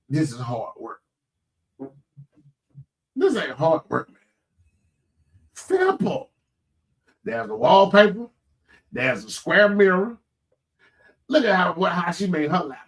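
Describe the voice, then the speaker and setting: A man hosting a casual live stream from a home computer setup, talking about side businesses in an animated, incredulous way with lots of restarts. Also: high-pitched, takes it slowly, long pauses. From Florida. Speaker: host.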